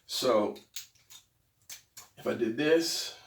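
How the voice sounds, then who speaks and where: A man's voice: mid-range voice, very slow, slight background noise. A man teaching anatomy drawing in a casual, rambling way, thinking aloud as he sketches. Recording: roomy, mic far from speaker.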